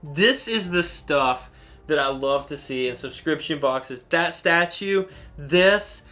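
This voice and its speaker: Bright-voiced, gushing unboxing host. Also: male voice, mid-range voice, lively intonation, a little slow, soft background music. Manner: enthusiastic, rambling, gushing. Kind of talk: excited unboxing commentary.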